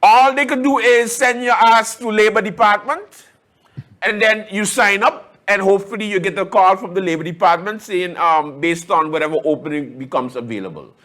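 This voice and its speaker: A man's voice: high-pitched, moderate pace, fairly bright tone. A man hosting a political talk show, conversational and sarcastic, leaning hard on his key points. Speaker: host. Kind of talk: casual political commentary.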